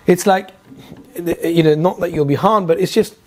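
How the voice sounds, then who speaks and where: A man with a high-pitched voice delivers a religious lecture as a Quran teacher. He tells the story in a storytelling way, asks his listeners rhetorical questions and breaks off into asides. He often hesitates on fillers and repeats words. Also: moderate pace.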